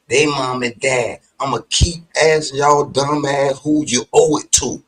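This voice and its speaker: A man delivering a heated, profane, preachy monologue, combative in tone and breaking into sudden shouted outbursts. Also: mid-range voice, little pitch movement, a little slow, hardly any pauses, low-quality recording.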